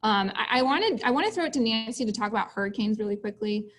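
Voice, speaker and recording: Fast-talking woman moderating a panel. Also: fairly high pitch, expressive, rough recording. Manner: fast, filler-heavy, stammering. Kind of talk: hosting a panel.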